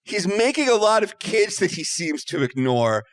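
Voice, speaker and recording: A man with a high, bouncy voice that swings all over the place, talking on a podcast in an animated, emphatic way. He swears freely, and the sound is dry and close to the mic. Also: moderate pace, no echo. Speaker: podcast panelist. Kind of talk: casual podcast chat.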